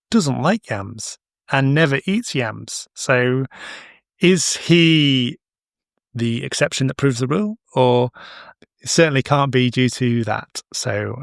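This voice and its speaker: A man's voice: medium pitch, creaky, no echo, studio quality. A middle-aged man hosting a casual educational podcast, chatty and digressive with anecdotes. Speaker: podcast host, horticulture expert.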